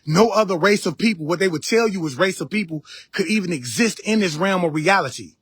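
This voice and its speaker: A man with a fairly high voice lectures his live-stream audience, repeating key phrases and speaking. The sound is dry and close, with no room around it. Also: animated, a little fast, fairly bright tone, breathy edge, no room sound. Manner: preachy, repeats phrases, addresses viewers directly. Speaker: live-stream spiritual teacher.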